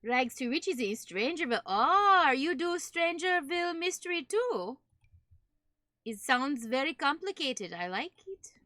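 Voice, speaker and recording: A woman's voice: high-pitched, very animated, a little slow, sharp tone, no room sound, studio quality, exaggerated voice. A woman streamer putting on a broken-English character with a mock German accent, dropping her articles in clipped phrases. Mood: deadpan playful. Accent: put-on German. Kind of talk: playful put-on voice while streaming.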